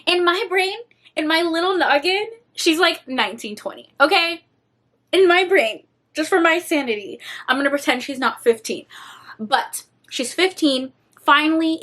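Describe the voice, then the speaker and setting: Young woman gushing about a book, high voice, super animated and dramatic, swears a lot. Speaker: book vlogger. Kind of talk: casual reading vlog chat.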